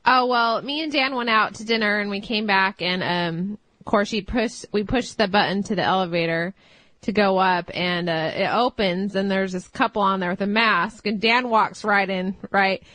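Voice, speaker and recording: A woman's voice: mid-range voice, steady tone, moderate pace, a bit bright, no room sound. A woman guest on a talk radio show, telling a story in a chatty way. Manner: chatty, laughs while telling. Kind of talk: casual storytelling.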